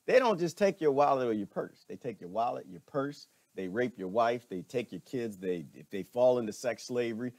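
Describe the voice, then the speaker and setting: A man giving an animated opinion monologue, preachy and wry, slipping into mocking voices now and then. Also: mid-range voice, no room sound. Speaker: commentator.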